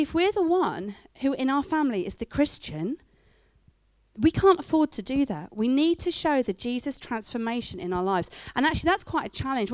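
A middle-aged woman giving a church talk, telling stories with lively acted-out quotes. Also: a little high, no room sound. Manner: animated storytelling with acted-out quotes. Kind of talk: sermon.

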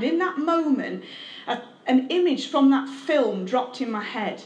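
A woman's voice: high voice, lively intonation, a little slow, darkish tone. A woman, a pastor giving a candid, conversational testimony sermon with self-deprecating humor. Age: 30s. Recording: echoey room.

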